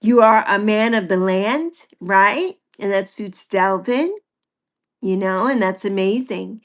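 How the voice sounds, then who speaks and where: A livestream host in her sixties talks slowly at a medium pitch. Chatty and repetitive, she reads comments from viewers and often breaks into laughter during the casual chat.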